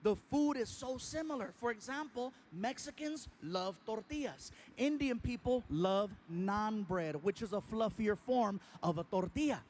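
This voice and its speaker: A man's voice: high-pitched, lively intonation, measured pace, few pauses, darkish tone, slight background noise. A man performing a stand-up comedy routine, telling a story with animation and acting out other people.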